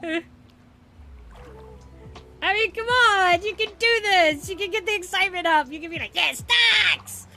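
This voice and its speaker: A woman streamer with a high, bright voice talks casually to her chat. She is bubbly and excitable. Faint game music plays behind her. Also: normal speed, long pauses. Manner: bubbly, excitable, cheering and laughing.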